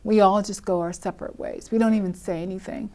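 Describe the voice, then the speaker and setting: A woman's voice: mid-range voice, quick pace. An older woman telling her own life story, acting out what people said and laughing often as she talks. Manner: lively storyteller who acts out quoted speech and laughs often.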